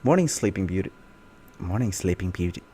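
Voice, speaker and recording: A man doing a low, soft-spoken sinister young man. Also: expressive, fairly quick, slight background noise. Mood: menacing.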